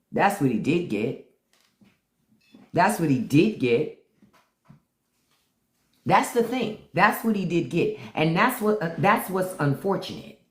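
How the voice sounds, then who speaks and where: Profane ranting livestream host, lively pitch, roomy echo. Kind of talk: unscripted live-stream commentary.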